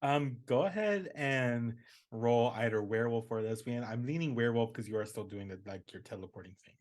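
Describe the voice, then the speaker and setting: A man's voice: mid-range voice, brisk, darkish tone. A man narrating as game master in a casual, rambling way full of fillers.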